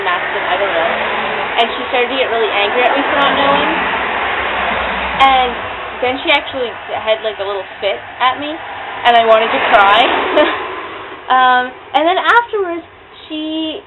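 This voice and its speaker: A teenage girl rambling candidly in a casual video diary, recorded outdoors in a bus shelter. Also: on the high side. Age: teens. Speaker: exchange student vlogger. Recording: lo-fi tinny audio with loud outdoor noise.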